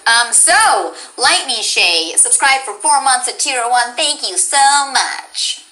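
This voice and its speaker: A woman voice actress hosting a casual livestream chat, bubbly and quick to laugh, with plenty of fillers. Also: sits high, animated, pushed and bright, low-quality recording. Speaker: voice actress and stream host.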